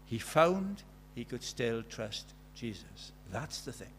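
Earnest preacher. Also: male voice, mid-range voice, big pitch swings, takes it slowly, background noise. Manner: earnest, storytelling, asks many questions. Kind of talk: sermon.

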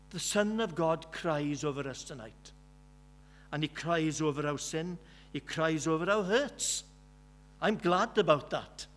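A Welsh man preaching a sermon, earnest and emphatic, driving each point home by saying it twice. His voice sits a little high for a man. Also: fairly bright tone. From West Wales. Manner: earnest, emphatic with many repetitions.

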